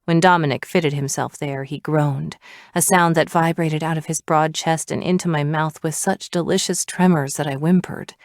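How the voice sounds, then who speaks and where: A woman with a low voice reads a first-person romance audiobook with expressive, breathy asides. The recording is dry and close, with no echo at all. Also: moderate pace. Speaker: audiobook narrator.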